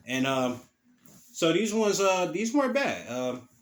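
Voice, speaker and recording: A man's voice: a little high, big pitch swings, measured pace. A man hosting a podcast, recapping an event in a loose, casual, profane storytelling way. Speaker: podcast host.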